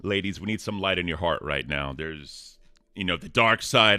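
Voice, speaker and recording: A man co-hosting a live stream, his voice deep yet bright and forceful. He reads out tips and messages in a loose, animated way and swears freely. The sound is dry and close to the mic. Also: normal speed, no echo. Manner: animated, cusses, calls out names and tips. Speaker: co-host reading donations. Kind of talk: casual live-stream chat.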